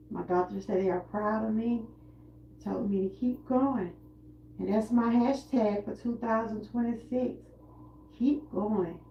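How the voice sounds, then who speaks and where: A woman with a Southern US accent who runs a wellness vlog. She talks in a slow, heartfelt way while doing seated cardio. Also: medium pitch, reverberant, muffled recording, a little hiss or hum. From Georgia, US. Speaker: wellness vlogger. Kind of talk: live-stream talk during seated cardio.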